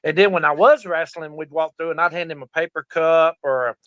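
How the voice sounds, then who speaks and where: A middle-aged man spins rowdy, profane stories as an interview guest. His voice sits a bit high and sounds bright and forceful. The recording is dry and close, and he acts out every voice he quotes. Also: fairly quick, dry recording, highs cut off. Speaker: guest, veteran pro wrestler. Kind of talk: casual storytelling interview.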